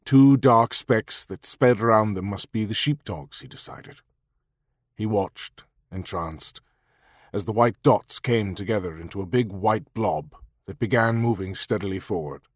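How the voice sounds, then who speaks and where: A man narrating an audiobook in a measured, even storytelling manner into a close studio microphone. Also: fairly low pitch, no room sound.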